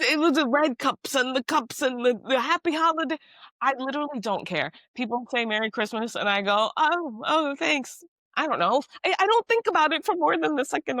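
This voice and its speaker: A woman co-hosting a podcast in casual chat. She talks in animated, exasperated rants with emphatic outbursts. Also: a little high, no room sound. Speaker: podcast co-host.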